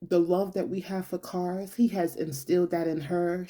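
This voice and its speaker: A young adult woman talks slowly and from the heart in a personal monologue. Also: fairly low pitch, little pitch movement, warm tone. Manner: slow, heartfelt, colloquial and conversational. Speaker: vlogger.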